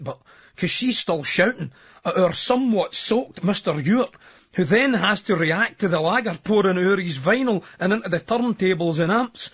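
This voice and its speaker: A Scottish man reads a first-person novel in a brisk, earthy dialect, with lots of swearing. His voice sits high and a little husky. The remastered recording sounds dull and lo-fi. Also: a bit bright. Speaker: audiobook narrator.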